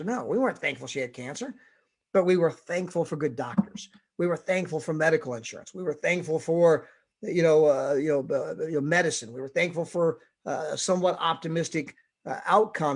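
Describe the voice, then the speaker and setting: A middle-aged man gives a motivational talk in the style of a sermon, with a voice pitched a bit high. He tells stories, keeps checking in with "right?", and builds to exhorting peaks. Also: brisk, husky. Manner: storytelling with frequent tag questions; exhorting, rising emphasis. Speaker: motivational speaker.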